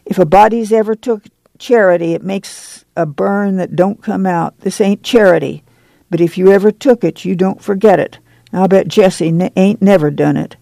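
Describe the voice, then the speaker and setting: A reader voicing a fierce, hoarse, proud woman in a folksy rural dialect. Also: mid-range voice, normal speed, dark tone, dry recording, pitched above the performer's own voice, close to an everyday voice.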